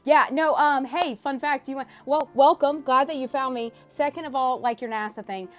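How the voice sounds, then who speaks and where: A woman from South Louisiana with a Louisiana accent, chatting casually and rambling on a livestream, excitable and quick to swear. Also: sits high, soft background music. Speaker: live streamer.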